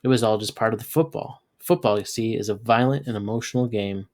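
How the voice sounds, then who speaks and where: Man reading a story aloud. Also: fairly quick. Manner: lively, voices characters with jumps in pitch and loudness. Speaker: teacher reading a novel aloud.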